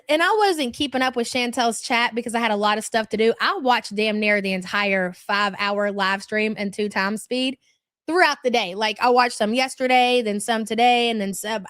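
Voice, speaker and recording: A woman's voice: a little high, moderate pace, fairly bright tone, no echo, studio quality. Chatty, gossipy woman streaming from home. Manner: chatty, gossipy, reads viewer comments aloud. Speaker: live-stream commentary host. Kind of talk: casual live-stream commentary.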